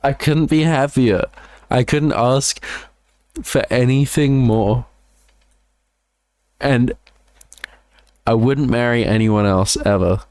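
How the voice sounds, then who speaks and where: A man's voice: medium pitch, slow pace, long pauses, a little mellow, no room sound. A man with an Australian accent casually breaking down his own songs, rambling with lots of "like" and repeated words. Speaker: musician breaking down his album.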